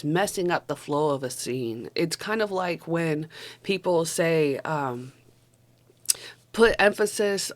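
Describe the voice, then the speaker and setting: Low-voiced casual woman reviewing a film. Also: a bit bright. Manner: chatty, self-correcting, with fillers and casual swearing. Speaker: movie reviewer.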